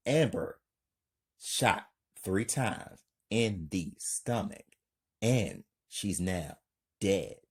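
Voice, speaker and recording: A man's voice: low voice, lively intonation, a little mellow, breathy edge. A man narrating an amateur crime story for his channel, reading plainly. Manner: slow, plain reading with hype outro.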